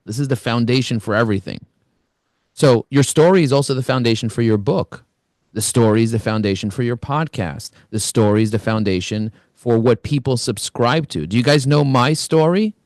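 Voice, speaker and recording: Energetic man coaching an online group. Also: mid-range voice, no room sound, clean studio sound. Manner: energetic, storytelling, rambling asides. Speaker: host, LinkedIn coach. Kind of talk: live online coaching session.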